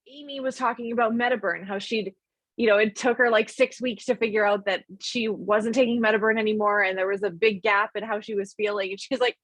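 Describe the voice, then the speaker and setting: Husky-voiced woman in chatty talk. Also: on the high side, normal speed, fairly bright tone, no room sound. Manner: chatty, restarts and filler words. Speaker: host of a leadership study call. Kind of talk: casual group discussion.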